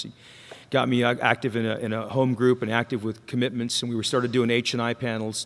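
A man's voice: mid-range voice, a bit bright. A man telling his recovery story to a meeting, candid and self-deprecating, often stopping and restarting his sentences. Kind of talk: personal recovery story told to an audience. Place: meeting hall with an audience. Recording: long hall reverb.

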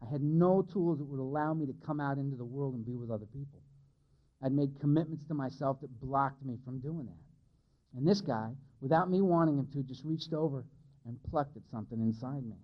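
At a recovery meeting, a man with a medium-pitched voice speaks fairly quickly as he gives a candid, self-mocking personal testimony to a live audience. The recording is lo-fi and dull.

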